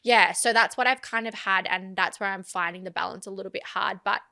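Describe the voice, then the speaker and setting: A woman's voice: mid-range voice, fairly even intonation, a little fast, creaky, sharp tone. A young woman, chatting candidly on a podcast, rambling and swearing freely. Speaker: podcast host. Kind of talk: casual chat.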